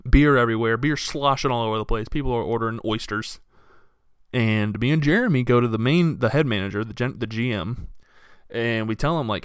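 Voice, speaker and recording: A man's voice: mid-range voice, a little fast, clean tone, dry recording, studio quality. A young man hosting a solo podcast, telling stories in a casual, profane way and acting out the people he quotes. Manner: casual, profane, storytelling with animated quoted voices. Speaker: podcast host.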